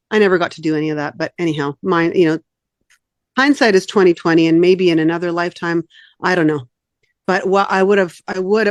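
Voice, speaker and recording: A middle-aged woman chatting in a group, telling lively stories and slipping into little sung bits. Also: fairly low pitch, quick pace, dry recording. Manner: animated storyteller, breaks into sung snippets. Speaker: study group member. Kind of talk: casual group chat on a call.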